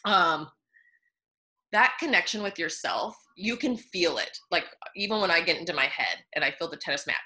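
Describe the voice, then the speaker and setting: In a casual interview, a female nutritionist comes across bubbly and animated, often laughing between thoughts. Her voice is lowish and her pace moderate.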